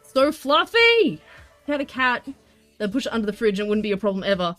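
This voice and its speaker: A woman livestreaming as she crafts, chatting casually and greeting viewers with excitement. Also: on the high side, a little fast, soft background music. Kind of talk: casual live-stream chat while crafting.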